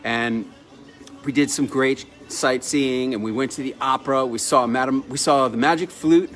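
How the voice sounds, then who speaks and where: A man telling a personal story in a chatty, lively way, laughing now and then. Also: medium pitch, normal speed, soft background music. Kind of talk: casual storytelling.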